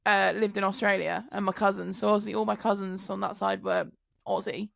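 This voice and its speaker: A woman's voice: medium pitch, little pitch movement, a little fast, vocal fry, no room sound, studio quality. A woman chatting casually on a podcast, teasing and laughing a lot. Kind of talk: casual chat.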